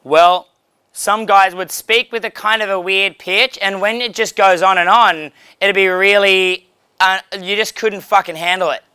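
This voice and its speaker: A man's voice: high voice, steady tone, measured pace, bright, forceful tone, clear, resonant tone, no room sound. A man giving casual, blunt, profane coaching on approaching women, laughing now and then. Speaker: dating coach.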